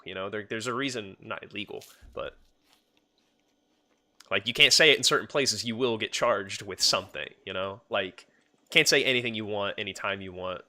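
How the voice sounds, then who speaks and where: Bright-voiced rambling male streamer. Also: medium pitch. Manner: rambling, talks to chat, many fillers and restarts. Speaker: game streamer. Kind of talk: casual live-stream chat.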